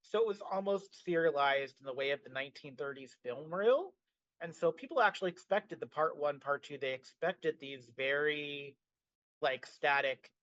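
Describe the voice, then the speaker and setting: A man with a somewhat high voice chats casually as a podcast co-host. He talks animatedly and leans on "like" between thoughts. The recording sounds a bit dull and lo-fi, with no room echo. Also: moderate pace. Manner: animated, frequent "like" fillers.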